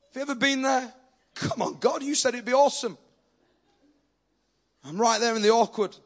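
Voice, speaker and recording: A man preaching with a notably high voice. He tells stories in a lively way, then rises into emphatic, exhorting sermon delivery. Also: normal speed, vocal fry. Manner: animated, builds to forceful preaching. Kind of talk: sermon with storytelling.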